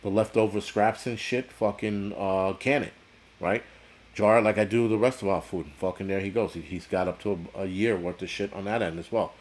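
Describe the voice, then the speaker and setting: Blunt, foul-mouthed man with a low voice. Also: steady tone, brisk. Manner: blunt, crude, swears constantly, rambling. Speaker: livestream host reading chat. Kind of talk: casual profane livestream rant.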